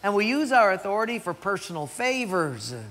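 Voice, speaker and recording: A man's voice: sits high, a little fast, long reverb tail. A man, a pastor, preaching a sermon and telling stories with acted voices. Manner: storytelling with acted voices, animated. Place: church sanctuary.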